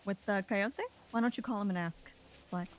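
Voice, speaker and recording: A woman in an online roleplay game trading sarcastic jabs in character. Her voice sits at an ordinary middle pitch, and her replies are pointed and needling. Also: moderate pace, slight background noise. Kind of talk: in-character argument.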